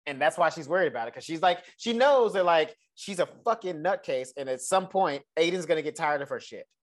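A man's voice: on the high side, brisk. Profane guy recapping a show. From United States. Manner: loose, profane, animated storytelling. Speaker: podcast co-host. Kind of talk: casual TV recap chat.

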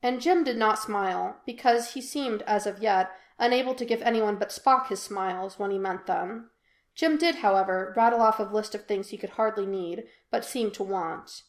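A woman reading a fan fiction audiobook in an even, unhurried storytelling voice. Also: medium pitch. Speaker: podfic reader. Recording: echoey room.

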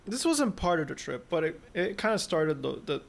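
A man co-hosting a podcast, chatting casually with friends and telling animated, joking stories. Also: fairly high pitch, normal speed, vocal fry. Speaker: podcast co-host. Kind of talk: casual chat among friends.

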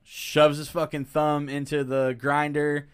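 A man talking casually on a podcast with a smooth, resonant voice. He recaps a movie in loose, swearing chat and jumps into animated quotes of the characters. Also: a little high, a little slow. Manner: animated retelling with acted quotes, frequent profanity. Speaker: podcast co-host.

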